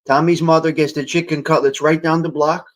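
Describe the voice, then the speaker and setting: A man's voice: a little high, level tone, brisk, rough recording. A man hosts a loose morning livestream, greeting viewers by name and cracking jokes as he goes. His voice sounds a little worn after a long night. He talks into a cheap handheld mic that he shifts closer to and farther from his mouth. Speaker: livestream host. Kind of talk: casual live chat reading viewer comments. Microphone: cheap handheld mic moved near and far.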